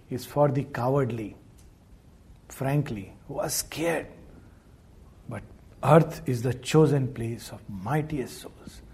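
A man's voice: medium pitch, slow, darkish tone, husky. A man giving a spiritual discourse, acting as a storytelling teacher who often chuckles as he animates the tales.

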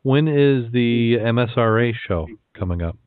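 A man hosting a podcast, chatty and quick to laugh, repeating words as he goes, between casual chat and telling jokes. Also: mid-range voice, expressive, smooth, no echo. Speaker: podcast host. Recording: tinny phone-like line.

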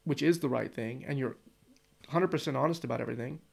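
An American man with a gravelly, fry-edged voice at a middle pitch. He talks casually and thinks aloud, circling back through his points with lots of restarts. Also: fast, a little mellow. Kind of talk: casual conversation.

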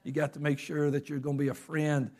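A man preaching a sermon in a conversational way, acting out little quotes and often pausing with fillers. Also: a little high, little pitch movement, a little mellow. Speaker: pastor.

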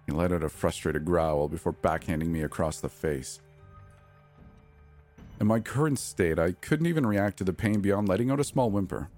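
A man reading a first-person horror story as the show's narrator, in a measured, tense way. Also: low voice, lively intonation, a little mellow, faint music behind.

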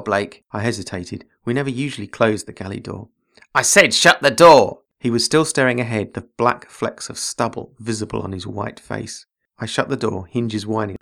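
A man hosting a writing podcast, explaining character craft in a measured, explanatory way. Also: on the low side, creaky, a bit bright. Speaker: podcast host and writing teacher. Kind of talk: instructional podcast.

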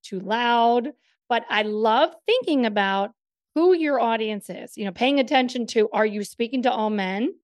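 A woman co-hosting a casual chat, asking curious questions in a lively, friendly way and laughing easily. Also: on the high side, no echo, clean studio sound. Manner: curious, chatty, quick to laugh. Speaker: co-host.

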